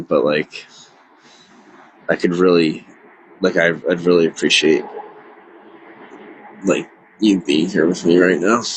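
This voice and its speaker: A lone livestreamer, distressed and close to tears, rambles with many fillers and keeps interrupting himself. His voice sits low and is slightly rough. The recording is low-quality, with no room sound.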